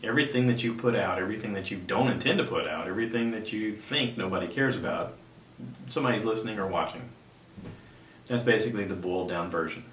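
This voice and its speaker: A man's voice: fast, a bit bright. A man hosting a podcast, retelling a story in a casual, rambling way and often restarting his sentences. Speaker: podcast host. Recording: roomy sound from a distant mic with faint rumble.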